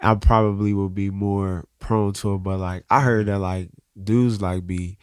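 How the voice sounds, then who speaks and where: Male podcast guest, earnest and halting, dry close sound. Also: on the low side, fairly even intonation, a little mellow, smooth, no room sound. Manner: earnest, open, halting restarts. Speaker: guest artist. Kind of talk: candid conversational interview.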